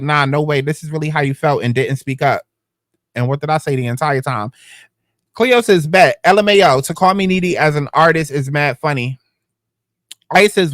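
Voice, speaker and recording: A man's voice: a little high, fairly bright tone, no echo, clean studio sound. A man hosting a commentary channel, reading out text messages and reacting with sassy, slangy, sarcastic asides.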